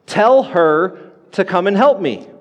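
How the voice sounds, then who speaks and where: A man's voice: high-pitched, lively intonation, slow pace, in a large hall, lo-fi sound, exaggerated voice. A man voicing a frustrated, overworked woman who complains in exasperated, pleading questions.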